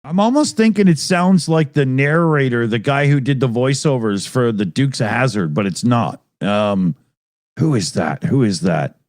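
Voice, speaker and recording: A man's voice: medium pitch, lively intonation, normal speed, a little mellow, no echo, clean studio sound. A man co-hosting a live stream, reading out viewer super chats in a loose, rambling, profane way and laughing often. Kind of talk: casual live-stream chat.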